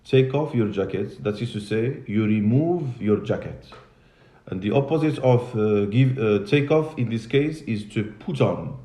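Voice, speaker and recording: A man's voice: fairly low pitch, lively intonation, a little slow, dark tone. A man teaching English to a class, patiently repeating and spelling out words and switching into Arabic and French. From Morocco. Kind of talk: classroom lesson. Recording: echoey classroom.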